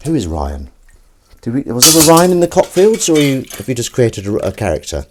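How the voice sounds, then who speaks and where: A man's voice: medium pitch, huge pitch swings, fairly quick, noisy background. A man chatting casually as he washes up in his kitchen, rambling and reading out viewer comments. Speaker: streamer. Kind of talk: casual chat while washing up. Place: kitchen at the sink. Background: clattering dishes and cutlery.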